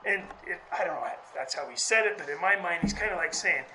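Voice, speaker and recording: Preacher talking through a sermon, chatty and halting, repeats words, livens up on quotes. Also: expressive, background noise. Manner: conversational, halting delivery with frequent restarts; acts out quoted speech with raised pitch.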